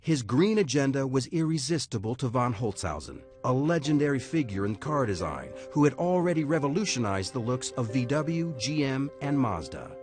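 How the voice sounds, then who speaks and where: A man giving scripted documentary narration in a measured, dramatic way. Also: mid-range voice, big pitch swings, a little mellow. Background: music.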